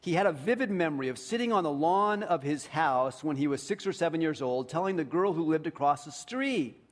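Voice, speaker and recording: A man preaching a sermon as pastor to his congregation. He speaks earnestly and often drops to a hushed voice for emphasis. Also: fairly high pitch, lively intonation, brisk.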